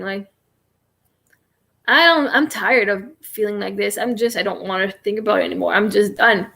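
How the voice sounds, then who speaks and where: A woman's voice: a little high, normal speed, creaky, long pauses, bright, forceful tone. A woman talking casually to camera as a vlogger, in a meandering, self-interrupting way, with a native French speaker's English.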